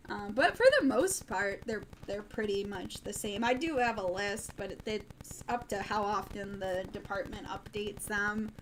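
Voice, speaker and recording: A woman's voice: medium pitch, fairly bright tone, a little hiss or hum, low-quality recording. A young woman from the Midwest chatting casually on a late-night news livestream, rambling with plenty of ums and restarts. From American Midwest.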